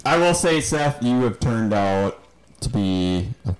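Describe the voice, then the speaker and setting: Easygoing man with a lively voice. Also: on the low side, takes it slowly, poor audio. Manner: easygoing, brief agreeing replies. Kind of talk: casual chat.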